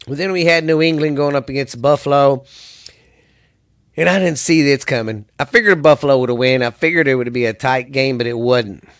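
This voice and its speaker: A man's voice: medium pitch, normal speed, long pauses, a bit bright. Cursing man ranting about football. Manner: angry, cursing, rambling. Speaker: sports podcast host. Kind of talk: profane ranting commentary.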